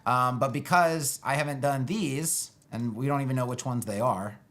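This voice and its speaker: Brief: man at mid pitch, laid-back tutorial talker, dry sarcastic asides. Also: moderate pace, a bit bright. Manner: loose, sarcastic, thinks aloud with many fillers. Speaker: web design educator building a page live. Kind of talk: casual live screen-share tutorial.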